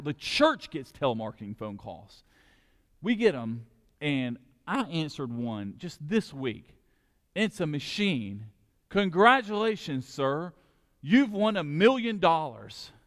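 A man preaching a sermon as pastor, animated, with quick restarts and acted-out quotes. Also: mid-range voice, long reverb tail. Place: church sanctuary.

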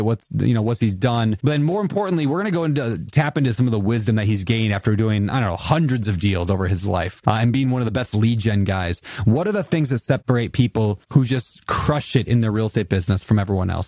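A man hosting a podcast, talking in a playful, animated, casual way. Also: mid-range voice, no room sound. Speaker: podcast host.

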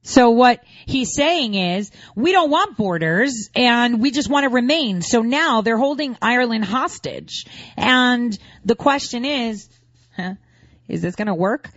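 A woman's voice: mid-range voice, dry recording, dull audio. A woman commentator reacting to news clips with sarcastic, indignant remarks.

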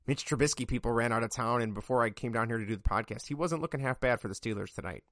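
A man hosting his own sports podcast, talking straight into the mic in a dry, close room with no echo. His voice sits at an ordinary middle pitch, and he rants in an exasperated way that climbs sharply when he gets fired up. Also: quick pace, a bit bright. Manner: exasperated, ranting, voice climbing high when worked up. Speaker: podcast host. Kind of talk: solo sports podcast rant.

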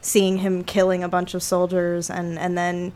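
A woman's voice: fairly low pitch, monotone, normal speed, a little mellow. A woman co-hosting a video game podcast, chatting casually in a rambling, hedging way and laughing often. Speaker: podcast co-host. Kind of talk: casual chat.

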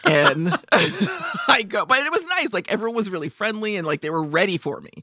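A woman's voice: mid-range voice, big pitch swings, moderate pace, pushed and bright, no echo, clean studio sound. A woman in her forties telling a story on a podcast with plenty of profanity, acting out the other people's lines. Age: 40s. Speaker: podcast co-host. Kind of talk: casual comedic storytelling.

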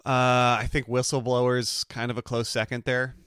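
A man's voice: medium pitch, level tone, normal speed, fairly bright tone, clean tone, dry recording, clean studio sound. A man co-hosting a podcast in casual chat, talking things through with enthusiasm and care. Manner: enthusiastic, analytical. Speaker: podcast co-host.

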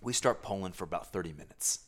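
Low-voiced man telling an animated story. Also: fast talker. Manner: animated, rambling, self-mocking. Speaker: podcast co-host telling a fishing story. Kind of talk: casual storytelling chat.

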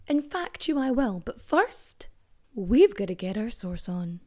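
A young woman hosting a history podcast in casual, animated chat, swearing freely. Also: a little high, unhurried. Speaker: podcast host.

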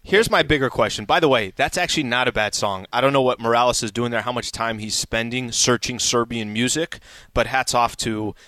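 Mid-pitched man hosting sports talk. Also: a little fast, no echo. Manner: animated, argues basketball points. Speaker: host. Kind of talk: casual sports radio talk.

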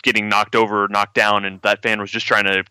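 A man with a very bright, forward voice chatting casually about sports. He repeats words and circles around his point. The sound is dry and close. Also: on the low side, level tone, quick pace, clean tone, dry recording, low-quality recording. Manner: rambling, repeats words while searching. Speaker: podcast co-host.

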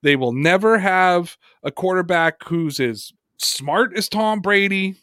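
Brief: talkative male podcast host, higher-pitched voice, dry close sound, emphatic and chatty. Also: slow, pushed and bright, no room sound. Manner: emphatic, talkative, reads chat comments aloud. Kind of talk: casual sports talk.

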